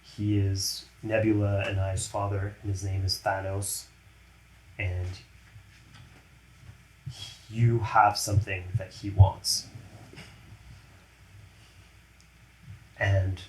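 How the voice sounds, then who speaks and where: A man voicing a grave alien woman warrior, speaking quietly and in a measured, solemn way in a low voice. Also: level tone, slight background noise. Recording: roomy echo.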